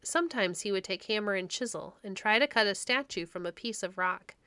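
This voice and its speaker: Smooth-voiced woman reading stories aloud. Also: mid-range voice, brisk, bright, forceful tone, no echo. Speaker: storytelling podcast host. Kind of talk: storybook read-aloud narration.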